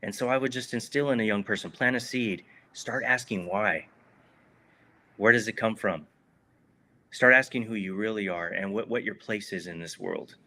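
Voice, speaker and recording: A man's voice: lowish voice, normal speed, bright, forceful tone. A man giving a heartfelt, reflective answer as an interview guest, earnest and repeating words for emphasis. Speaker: guest, former prisoner.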